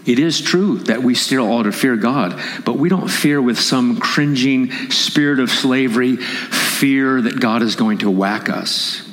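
A man's voice: medium pitch, a little slow, hardly any pauses, a bit bright. A man preaching a sermon as pastor at a conference, impassioned and rising into emphatic raised appeals. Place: conference hall. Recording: long hall reverb.

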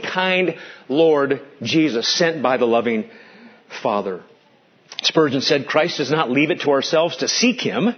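A man preaching a sermon as pastor, earnest, drawing out key words slowly for weight. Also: fairly high pitch, husky, muffled recording.

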